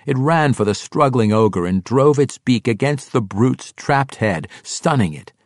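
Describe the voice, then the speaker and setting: A man's voice: mid-range voice, lively intonation, a little slow, dry recording, clean studio sound. A man narrating a fantasy audiobook with dramatic, vivid storytelling.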